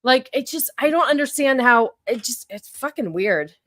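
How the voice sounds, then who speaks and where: Halting, higher-voiced woman podcast host. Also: animated, a bit bright, no echo, clean studio sound. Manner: hesitant, repeats words while thinking aloud. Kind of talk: casual chat.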